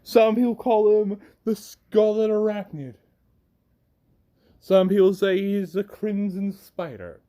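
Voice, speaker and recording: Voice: medium pitch, takes it slowly, mellow. A young adult fan narrator casually telling a story, chatty and laughing at their own tale.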